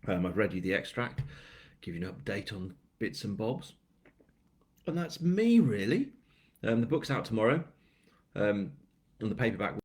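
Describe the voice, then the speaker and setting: This British crime writer hosts his book launch live, speaking at a normal pace in a lowish, sing-song voice broken by long pauses. The chat is casual and rambling, heavy on fillers, with a self-mocking edge.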